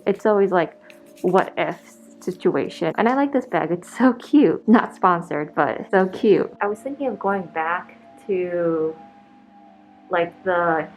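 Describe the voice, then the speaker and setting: A young woman chats casually into her handheld camera for a vlog, rambling and giggling between thoughts. Her voice sits at an ordinary middle pitch, with faint background noise. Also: low-quality recording. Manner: chatty, giggly, rambling with many "like"s. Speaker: vlogger. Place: outdoors in rain and wind, then indoors at home.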